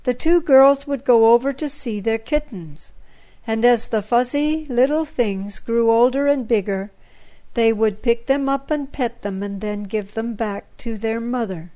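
A woman narrating a children's story in a gentle, measured way. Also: on the high side, rough recording.

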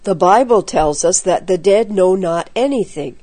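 Woman reading as a calm steady young man. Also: fairly low pitch, moderate pace, dry recording. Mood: reassuring. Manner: steady, reassuring, explanatory. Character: calm, confident young man, level-headed. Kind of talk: storybook reading.

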